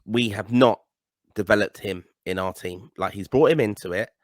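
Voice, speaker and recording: A man's voice: on the low side, moderate pace, no echo. An Irish man co-hosting a podcast, chatting casually about football with emphatic, blunt opinions. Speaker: podcast co-host.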